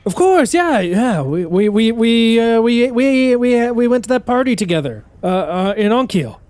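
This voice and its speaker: A man's voice: very high-pitched, very animated, moderate pace, a little mellow, dry recording, pitched above the performer's own voice. A man voicing a nervous, shifty male dwarf stowaway who stammers and dodges questions in a tabletop game. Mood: eager. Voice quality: stammering, evasive.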